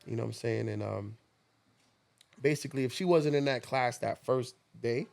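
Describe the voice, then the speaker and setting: A man's voice: mid-range voice, moderate pace, vocal fry. A man guesting on a podcast, telling stories in casual, profane chat and laughing often. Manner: animated, laughing, profane storyteller.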